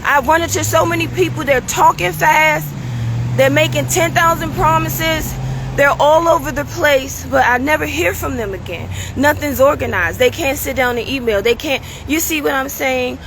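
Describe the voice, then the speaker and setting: A woman's voice: high voice, normal speed, noisy background. A woman hosting her own show, giving a casual, preachy motivational talk with a strained, tired voice and frequent "you understand?" asides. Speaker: show host.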